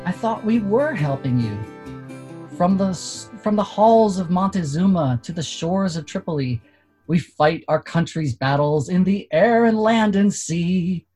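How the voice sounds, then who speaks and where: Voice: mid-range voice, animated, a little slow, warm tone, soft background music. A reader giving an earnest, declamatory dramatic reading during a worship service.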